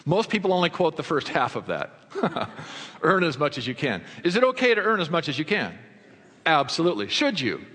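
A man preaching a sermon to his congregation, asking them questions and answering them himself, swinging between fervent high passages and low quiet ones. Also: very animated, a little fast, slightly rough. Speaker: pastor. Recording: long hall reverb.

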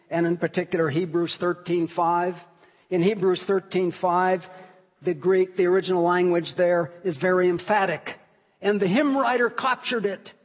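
Emphatic preacher in a reverberant hall. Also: male voice, high voice. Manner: earnest, emphatic, swells and drops in volume. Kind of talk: sermon teaching on a hymn. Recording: long hall reverb, dull sound.

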